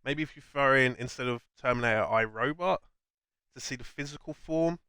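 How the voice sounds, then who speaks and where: A man's voice: medium pitch, brisk, sharp tone, smooth, dry recording. A young man co-hosting a casual film chat, enthusiastically explaining ideas in long chains. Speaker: co-host.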